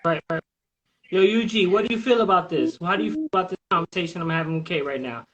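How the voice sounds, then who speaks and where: A man's voice: sits high, quick pace, poor audio. Blunt, profane man hosting a podcast. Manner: blunt, profane and animated, drawing listeners in with questions. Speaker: podcast host. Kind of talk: casual live podcast chat.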